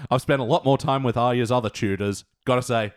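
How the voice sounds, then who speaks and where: A man chatting on a podcast about a TV show, easygoing, laughing often and swearing casually. His pitch sits in the middle for a man. The recording is close and dry. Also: moderate pace, no room sound. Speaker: podcast co-host. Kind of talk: casual chat reviewing a TV episode.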